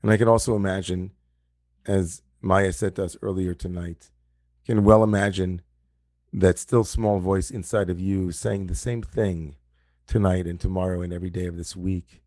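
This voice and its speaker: A rabbi delivers a reflective sermon in a lowish male voice, circling back to key phrases for emphasis. The sound is close and dry, with no room echo. He speaks through a video call setup. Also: flat delivery, moderate pace, a little mellow. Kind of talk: sermon at an online service.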